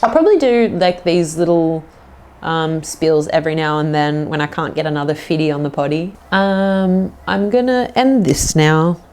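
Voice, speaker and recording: A woman's voice: low-pitched, moderate pace, darkish tone, a little hiss or hum. A woman hosting a casual solo podcast, rambling loosely with lots of "like" and "um" and slipping into playful put-on accents. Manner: rambling, fills talk with "like" and "um". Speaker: podcast host.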